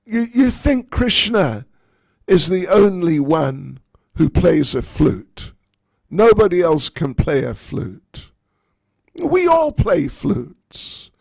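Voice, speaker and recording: A man doing a brash, quick-witted young woman. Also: mid-range voice, sing-song, creaky, breathy edge, no echo, exaggerated voice. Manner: loud, brash and cheeky.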